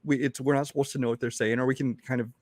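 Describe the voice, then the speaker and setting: A man's voice: mid-range voice, level tone, no echo. A man co-hosting a movie review podcast, chatting casually and often restarting and correcting himself mid-sentence. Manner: quick, with many restarts and self-corrections. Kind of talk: casual chat.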